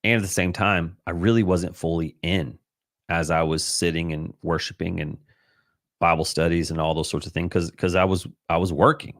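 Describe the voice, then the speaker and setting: Man, middle-aged, very deep voice, earnest, emotional, rambling restarts, casual devotional livestream, dry close sound. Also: fairly even intonation, normal speed, dry recording. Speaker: livestream host. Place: home livestream. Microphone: computer livestream mic.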